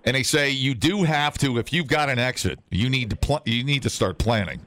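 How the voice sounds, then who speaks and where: A man's voice: medium pitch, lively intonation, a little fast, fairly bright tone, dry recording. A man hosting a casual morning radio show, joking and rambling through stories with many restarts.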